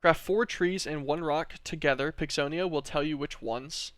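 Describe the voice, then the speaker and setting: A man streaming a game, thinking aloud in relaxed, rambling commentary. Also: a little high, normal speed, no echo, clean studio sound.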